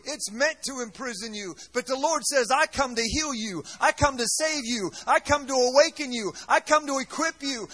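A man preaching a revival sermon in a church, with a striking high pitch and a bright, cutting edge to his voice. He swings between loud, emphatic calls and quick questions thrown out to the crowd. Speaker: guest preacher. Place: church sanctuary.

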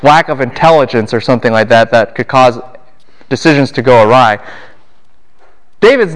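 A man lecturing a class on the Bible, animated and full of rhetorical questions. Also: mid-range voice.

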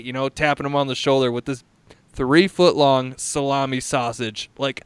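A podcast host chatting casually over a video call, telling rambling stories, laughing and swearing freely. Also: male voice, medium pitch, big pitch swings, moderate pace, clear, resonant tone, dry recording.

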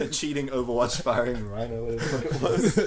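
A man, hosting a casual chat, telling animated stories full of swearing and laughter. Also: mid-range voice.

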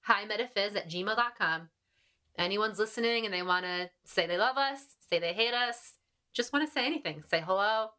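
A woman's voice: medium pitch, normal speed, bright, forceful tone. A woman from Albany, New York, co-hosting a podcast in casual, chatty, profane talk with frequent laughs. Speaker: podcast co-host. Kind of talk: casual chat.

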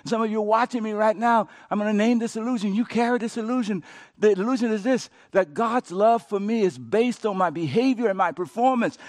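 A male pastor with a high voice preaches briskly, swinging from loud, emphatic peaks to hushed, intimate passages. He speaks straight to listeners and coaxes them to repeat prayers after him. The sound is clean studio quality with no echo.

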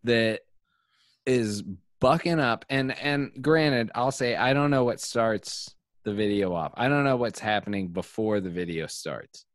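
A man's voice: on the low side, unhurried, no echo, clean studio sound. A man in casual chat, telling a rambling, profane story full of fillers.

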